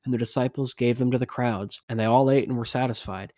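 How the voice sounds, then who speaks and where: Man, scripture narration, measured and even, flat intonation, dry close sound. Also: mid-range voice, no room sound. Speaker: scripture reader.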